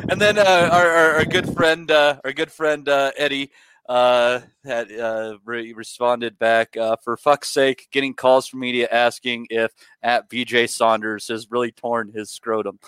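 A man co-hosting a boxing podcast, talking haltingly with many fillers and cracking crude jokes. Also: mid-range voice, little pitch movement, a bit bright, clear, resonant tone, no echo. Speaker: podcast co-host. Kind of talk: casual boxing chat.

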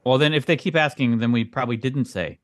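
A man's voice: mid-range voice, fast talker, dry recording, studio quality. A man co-hosting a comedy podcast as the questioning, incredulous straight man. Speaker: podcast co-host. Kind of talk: improvised comedy banter.

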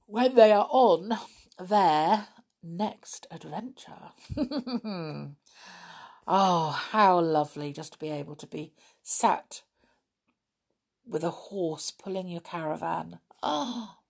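A woman reading a children's book aloud, then chatting in a gently enthusiastic way to her listeners. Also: fairly low pitch, creaky, slightly rough. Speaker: storybook reader.

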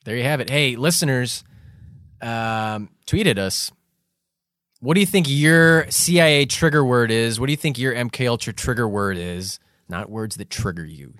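A man's voice: mid-range voice, normal speed, a bit bright, no echo, clean studio sound. A man co-hosting a casual comedy podcast, telling a joking story in a loose, chatty way. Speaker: podcast co-host.

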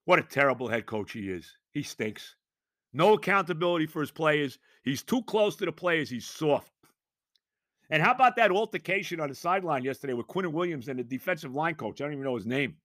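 A man's voice: a little high, big pitch swings, fairly quick, fairly bright tone, no room sound, clean studio sound. A man ranting as a sports talk host, exasperated and sarcastic, firing off rhetorical questions. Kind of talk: ranting sports commentary monologue.

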